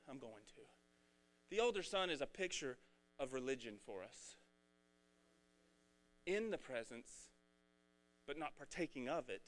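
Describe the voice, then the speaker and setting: A man preaching a casual, energetic sermon, talking in a rambling, conversational way. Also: a little high. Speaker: pastor.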